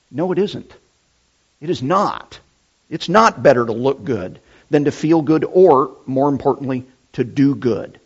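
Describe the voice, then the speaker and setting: Middle-aged guy preaching, slow and deliberate, repeats his points, kinda muffled lo-fi sound. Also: medium pitch, animated, husky. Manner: deliberate, emphatic, repeats key phrases. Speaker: pastor. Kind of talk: sermon. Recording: dull lo-fi sound.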